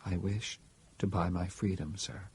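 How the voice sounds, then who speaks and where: Soft, formal, even robot servant, read by a husky-voiced man; audiobook part. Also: low-pitched, measured pace, no echo, full character voice. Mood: calm. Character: polite, calm household robot, male. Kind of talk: audiobook reading.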